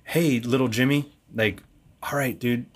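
A man co-hosting a podcast in casual chat, earnest and quick to affirm his partner. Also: mid-range voice, fairly even intonation, breathy edge. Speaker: podcast co-host.

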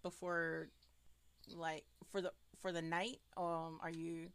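Slow-talking woman game master. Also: fairly low pitch, level tone, clean tone. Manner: laughs often, hesitant fillers. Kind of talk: narrating a tabletop game.

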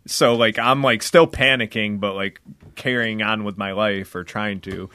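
A man's voice: lowish voice, a little slow, pushed and bright, no echo. Young man rambling through a story. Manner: rambling storyteller, heavy swearing and "like" fillers. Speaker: podcast host. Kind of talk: casual podcast chat.

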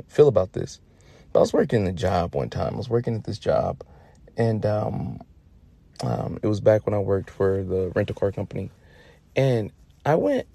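Gravelly, slangy male storyteller. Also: fairly low pitch, warm tone, no echo. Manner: profane, slangy, laid-back with lots of fillers. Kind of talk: casual comic storytelling.

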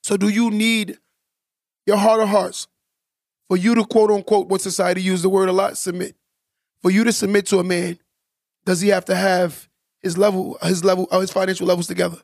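A man's voice: high-pitched, flat delivery, brisk, creaky, pauses often, dry recording, clean studio sound. A man co-hosting a casual podcast, talking emphatically and preachily, repeating points for stress. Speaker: podcast co-host.

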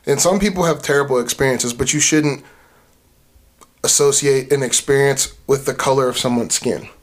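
A man's voice: mid-range voice, moderate pace. A man co-hosting a casual podcast, arguing earnestly and firmly, with some swearing. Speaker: podcast co-host.

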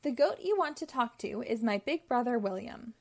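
A woman's voice: fairly high pitch, animated, normal speed, a little mellow. A woman voicing a sly middle billy goat who talks his way past trouble. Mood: coaxing.

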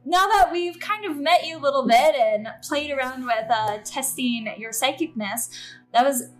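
Woman podcast host, slightly high voice, playful and chatty, laughs easily. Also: moderate pace, soft background music. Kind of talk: casual conversational podcast.

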